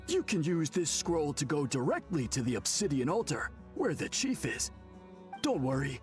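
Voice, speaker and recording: A man voicing a polite, formal tribal priest in a video game, courteous and measured. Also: fairly high pitch. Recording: game audio with faint music.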